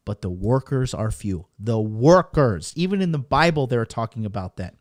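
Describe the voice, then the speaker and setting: A podcast host and dating coach delivers a profane, emphatic motivational rant, hammering the same points again and again. His mid-range voice is very animated and a little mellow, at a normal pace. The recording is dry and studio quality.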